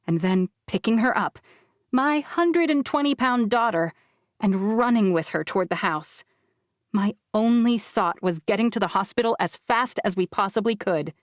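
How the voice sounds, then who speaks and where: A woman's voice: mid-range voice, dry recording. A woman reads a novel aloud in the first person, telling the story with expression. Her voice sits in a middle range. The studio recording is close and dry. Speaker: audiobook narrator. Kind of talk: scripted first-person narration. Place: recording booth. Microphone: studio microphone.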